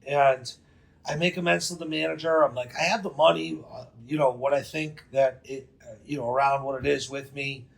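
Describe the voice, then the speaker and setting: A man, telling a story as a podcast guest in a profane, emphatic, rapid way. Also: mid-range voice, steady tone, vocal fry. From New England. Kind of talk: casual storytelling.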